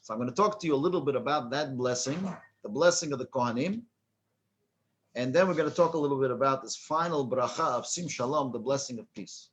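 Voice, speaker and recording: A man's voice: mid-range voice, a bit bright. A man who is a rabbi teaching a class, telling a joke and then explaining a prayer with many restarts. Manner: halting, many restarts and fillers, chuckles at his own joke. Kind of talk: storytelling then lecture.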